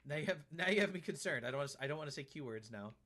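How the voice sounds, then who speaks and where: A man's voice: a little high, expressive, fast, bright, forceful tone, slight background noise. A man streaming a game live, chatting casually and teasing an on-screen character.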